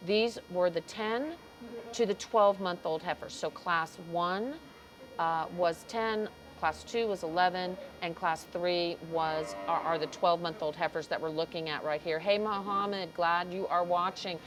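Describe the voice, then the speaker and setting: A woman's voice: on the low side, steady tone, measured pace, music in the background, low-quality recording. Chatty woman commentating a live cattle show. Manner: chatty, greets viewers, stumbles over names. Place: show arena.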